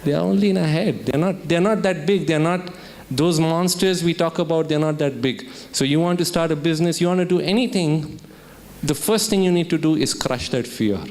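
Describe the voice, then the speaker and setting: Brisk and fairly high-pitched, with a somewhat dark tone, an Indian man gives a motivational keynote to students at a summit. Standing in a lecture hall, he tells a story and asks the audience questions.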